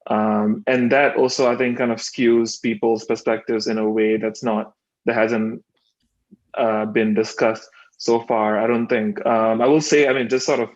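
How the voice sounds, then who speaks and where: A man's voice: medium pitch, flat delivery, measured pace, lo-fi sound. A man in his twenties joining a casual discussion on a video call, talking tentatively and searching for his words. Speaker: audience participant.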